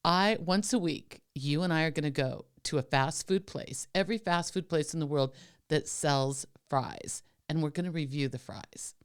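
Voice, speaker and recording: A woman co-hosting a podcast in playful casual chat, laughing often and pitching whimsical ideas. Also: moderate pace, clean tone. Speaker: podcast co-host.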